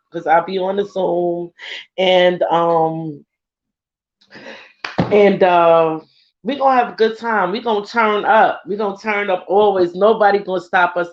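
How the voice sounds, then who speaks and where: A woman in a casual, heartfelt talk to her followers as a spiritual vlogger. She is emotional and effusive, laughs often, and swears casually. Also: on the low side. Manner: laughs often, with a loose conversational rhythm. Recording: slightly dull lo-fi recording.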